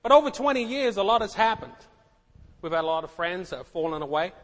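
Middle-aged male preacher, high voice, emphatic, repeats himself; hall echo. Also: expressive, fast, fairly bright tone. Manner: emphatic, repeats words, asks the congregation questions. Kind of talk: sermon. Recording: echoey hall.

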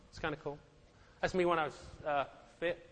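High-voiced preacher in an echoey hall. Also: male voice, steady tone, fairly quick, fairly bright tone. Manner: emphatic, repeats words, asks the congregation questions. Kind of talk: sermon.

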